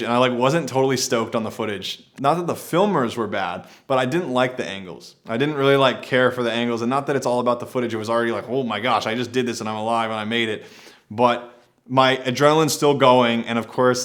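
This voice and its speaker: A man's voice: mid-range voice, a bit bright. A man telling a personal adventure story to camera in a laid-back, rambling way, often saying "like".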